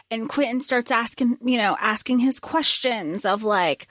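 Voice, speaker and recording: A woman's voice: a little high, expressive, a little slow, hardly any pauses, a bit bright, dry recording. A woman co-hosting a casual book podcast, talking through her thoughts in a chatty, meandering way. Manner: chatty, thinks aloud with fillers and restarts. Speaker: podcast co-host.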